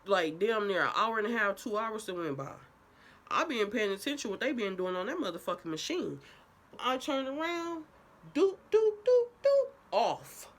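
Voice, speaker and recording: A young woman vlogger telling a casual, profane story time in an animated way. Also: mid-range voice, normal speed.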